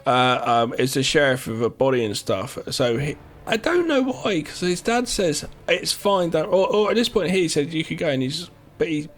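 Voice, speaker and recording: A man's voice: a little high, big pitch swings, moderate pace. Jokey, swearing man on a podcast. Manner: loose and jokey, swears, lots of ums. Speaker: podcast co-host. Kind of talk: casual film chat.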